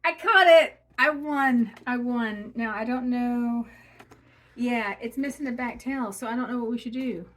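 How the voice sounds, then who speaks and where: A woman filming herself at home, talking excitedly to herself in a closet and often dropping to a whisper. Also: fairly high pitch, unhurried. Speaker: vlogger. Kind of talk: casual self-filmed commentary.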